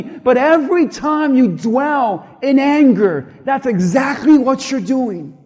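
A male pastor preaching a sermon, impassioned and emphatic, dropping to hushed tones at times, in a large church hall. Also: very high-pitched, a little slow, hardly any pauses. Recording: long reverb of a large hall.

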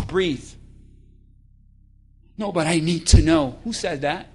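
A man preaching a lively, playful sermon in church, calling for responses and acting out voices. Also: sits high, unhurried, gravelly, pauses often. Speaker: pastor.

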